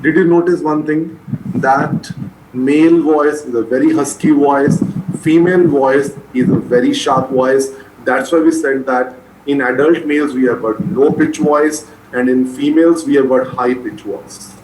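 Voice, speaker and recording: A man with a mid-range, slightly mellow voice delivers a medical classroom lecture in fairly even, unhurried intonation. He repeats key terms so students can write them down, drilling them for exams. The recording has a roomy echo and faint noise.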